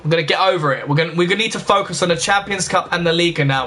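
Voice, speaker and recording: Young gaming host, high and bright, talks to viewers like mates, short-fused. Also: male voice. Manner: chatty, talks straight to viewers, quick to get annoyed. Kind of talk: casual let's-play commentary.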